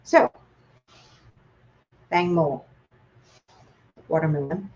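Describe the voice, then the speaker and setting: A woman's voice: sits low, expressive, extremely slow, darkish tone, muffled recording. Chatty Thai-accented woman teaching cooking. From Thailand. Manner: chatty, playful, talks to viewers with questions. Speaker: cooking class host. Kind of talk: live online cooking demonstration.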